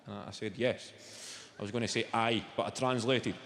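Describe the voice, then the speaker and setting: A man's voice: lowish voice, steady tone, very fast, gravelly, very noisy. A man with a Glaswegian accent doing brash, sweary stand-up comedy in a large venue, chatting with the crowd. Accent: Scottish, Glaswegian. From Scotland. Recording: echoey live hall with loud crowd laughter.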